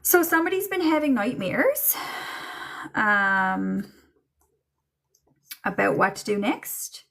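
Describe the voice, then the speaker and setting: A woman doing a live psychic reading for chat viewers, slow and musing, with many ums and trailing thoughts. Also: medium pitch, big pitch swings, vocal fry, a bit bright. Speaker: psychic medium.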